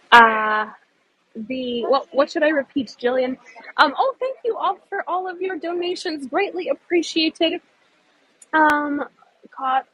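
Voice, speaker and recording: A woman's voice: high voice, slightly rough, low-quality recording. A young woman tour guide chatting casually on a live stream, bubbly and talkative, thanking viewers and answering their comments.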